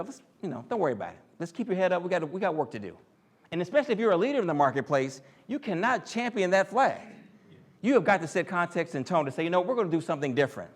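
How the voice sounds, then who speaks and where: A man preaches with lively, swooping pitch, acting out voices of complaining coworkers. His voice sits a little high for a man, and he keeps a casual, joking touch with the crowd. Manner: animated, acts out quoted voices and jokes with the crowd. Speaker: speaker in a church teaching series. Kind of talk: sermon.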